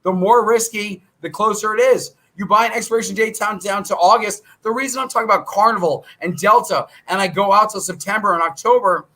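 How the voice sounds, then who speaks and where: A brash man hosts a casual trading Q&A, swearing freely and jumping from one topic to the next. His voice sits high for a man, with a bright, forceful edge. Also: fairly quick, few pauses. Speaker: stock trading show host. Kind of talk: casual Q&A livestream.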